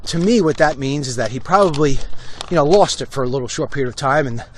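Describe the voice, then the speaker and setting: Speaking fast in a medium pitch with slight background noise, a man streams live while walking on a street. Into the phone in his hand, he gives heated and blunt political commentary.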